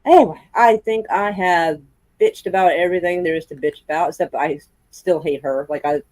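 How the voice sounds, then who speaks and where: A woman's voice: lowish voice, a little fast, a little mellow, dry recording, rough recording. A woman hosting a livestream at home, chatting casually, swearing and laughing a lot. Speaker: livestream host. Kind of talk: casual chat. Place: indoors at home.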